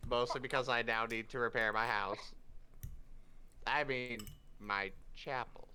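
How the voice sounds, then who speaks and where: A man's voice: mid-range voice, steady tone, sharp tone, a little hiss or hum. A man voicing a flustered male cleric who stammers and halts, sore and out of his depth. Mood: embarrassed. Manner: stammering, halting.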